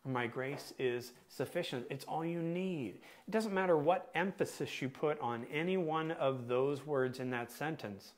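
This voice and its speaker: Slow, deliberate male pastor preaching. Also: fairly high pitch. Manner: asks the congregation questions, deliberate emphatic pauses. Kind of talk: sermon.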